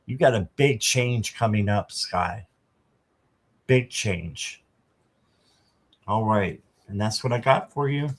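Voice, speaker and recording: Slow, chatty man reading cards. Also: lowish voice, lively intonation. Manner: chatty, reads card text aloud. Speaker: tarot reader. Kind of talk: live-stream card reading.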